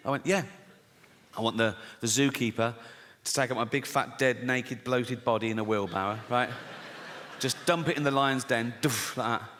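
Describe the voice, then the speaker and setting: A man performing a stand-up routine, chatty and profane, putting on quick voices for the people in his stories. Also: medium pitch. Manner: conversational, swearing, acts out characters. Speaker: stand-up comedian. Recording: live stage mic in a large hall with loud audience ambience.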